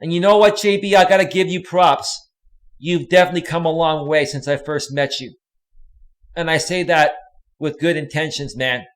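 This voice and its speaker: A man's voice: a little high, fairly even intonation, moderate pace. A man hosting a live stream, swearing constantly and talking straight to his chat viewers. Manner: speaks directly to chat viewers by name. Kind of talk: angry live stream rant.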